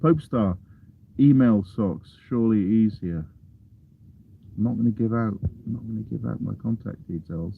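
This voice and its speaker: A man's voice: lowish voice, normal speed, creaky, narrow, tinny audio, slight background noise. A man from England, chatting casually on a live stream and reading out viewer comments with self-deprecating chuckles. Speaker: vlogger reading live chat.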